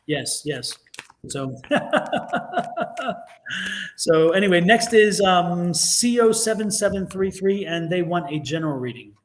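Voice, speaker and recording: A man's voice: high-pitched, expressive, a little slow, pauses often. A man reading tarot and co-hosting a casual live chat, telling stories at length and repeating his agreements. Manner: chatty storyteller, repeats agreements. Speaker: tarot reader and co-host.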